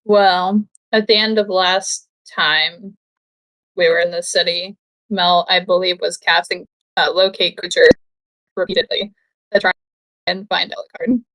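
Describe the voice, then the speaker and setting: A woman's voice: fairly low pitch, steady tone, measured pace, fairly bright tone, no echo, poor audio. Playful woman chatting at a game table. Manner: playful, laughs often. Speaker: player. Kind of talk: casual chat among players.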